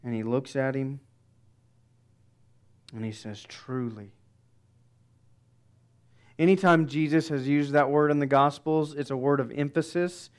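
A pastor preaching a sermon, emphatic, with dramatic soft pauses. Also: male voice, on the high side, smooth.

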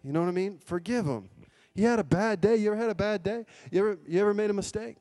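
A man's voice: sits high, fast talker, dark tone, faint music behind. A man preaching a sermon to his congregation, exhorting and rising to emphatic peaks. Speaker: pastor.

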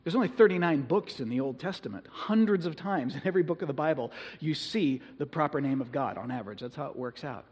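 A man preaching a sermon as pastor, earnest and conversational, slowing down to stress key words. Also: fairly high pitch, animated, darkish tone, slightly rough, big-room sound. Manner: earnest, conversational, slows for emphasis.

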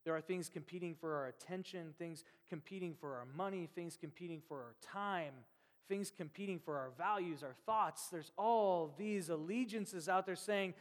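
A man from Nebraska preaching a sermon in a conversational, animated way, acting out quoted voices. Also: high voice, moderate pace. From Nebraska, USA. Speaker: pastor. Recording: long hall reverb.

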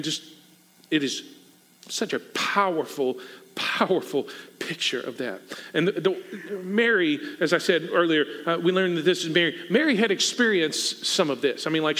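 A man preaching a sermon as pastor, animated and acting out the people in the story. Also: fairly high pitch, normal speed. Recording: echoey hall.

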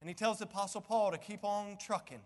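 A man pastor preaching a sermon in a church, impassioned, swinging between shouting and near-whispering. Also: high voice, fast talker. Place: church sanctuary. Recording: long church hall reverb.

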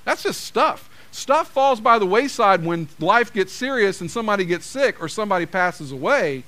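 A pastor preaches in a conversational, direct way, acting out the lines people say to each other. His high voice has a sing-song, sharp tone and moves at a normal speed.

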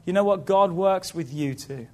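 A man delivers a sermon as pastor, his voice sitting high for a man. He keeps checking in with the congregation and acts out the people in his stories. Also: moderate pace. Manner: preaching with call-outs to the congregation.

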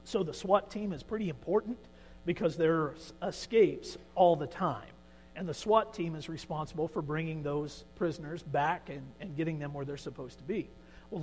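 A man preaching a sermon who retells a scripture story, swinging between quiet asides and emphatic, vivid storytelling. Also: a little high, in a large hall, low-quality recording. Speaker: pastor.

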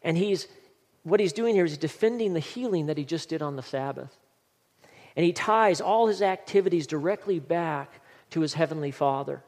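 A man's voice: on the high side, lively intonation, normal speed, a little mellow, big-room sound. A male pastor preaching a sermon in an earnest, emphatic manner, reading scripture aloud.

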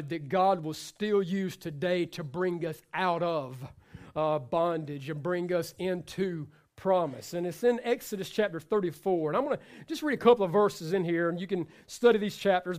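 A male pastor preaching a sermon, passionate and repetitive, swinging between loud exhortation and quiet asides, joking with the congregation. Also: high-pitched. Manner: repeats phrases for emphasis, jokes with the congregation.

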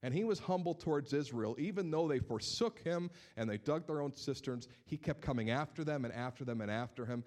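A male pastor preaching a sermon, telling stories in an animated way and repeating words as he builds his points. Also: mid-range voice, a little fast, few pauses.

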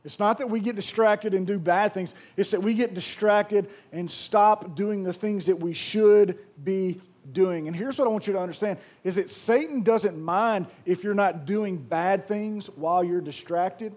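High-voiced pastor preaching. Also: male voice, a little slow, hardly any pauses. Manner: lively storytelling with repeated restarts. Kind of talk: sermon.

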